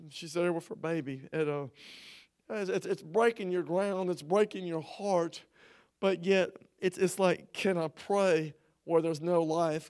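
A man preaching an emotional personal testimony, halting and repeating words as he speaks, growing earnest and intense. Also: high voice, darkish tone.

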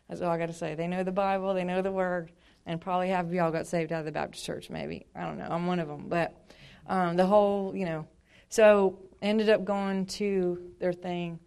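Woman giving her church testimony, casual and meandering, slightly low and smooth, lots of fillers. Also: steady tone, normal speed, a little mellow. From Montana. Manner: rambling and conversational, with many fillers and acted-out asides. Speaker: speaker sharing her faith testimony.

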